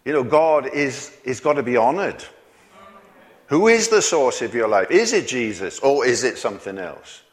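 A man's voice: mid-range voice, big pitch swings, moderate pace. A man preaching a sermon in a folksy way, chuckling often and asking the congregation questions. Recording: long hall reverb.

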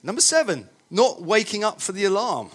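A man's voice: high-pitched, very animated, normal speed, fairly bright tone, breathy edge. A man delivering a sermon in a slightly raised voice. He talks in a conversational way but hammers his points with emphatic repetition. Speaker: pastor.

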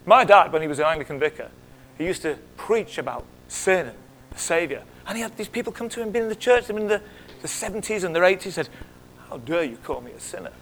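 A middle-aged male pastor preaching in church, swinging between loud exclamations and hushed whispers and asking the congregation questions. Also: high voice, fast talker, a little hiss or hum. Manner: conversational, asks the congregation questions. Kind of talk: sermon.

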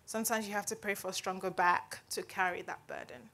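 A woman's voice: medium pitch, a little fast, creaky, pushed and bright. A woman giving a conversational Bible teaching in an earnest, chatty way, often checking in with "right?". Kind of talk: conversational devotional talk.

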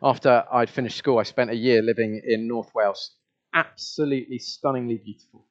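A man's voice: mid-range voice, fairly quick. A man preaching a sermon in a conversational way, asking the congregation questions and sometimes repeating his words. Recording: dull lo-fi recording.

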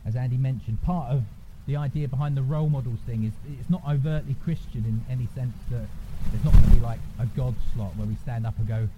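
A man's voice: medium pitch, quick pace, highs cut off. Man preaching over noisy audio. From England. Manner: informal, checks in with listeners. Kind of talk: conversational sermon. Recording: noisy church recording.

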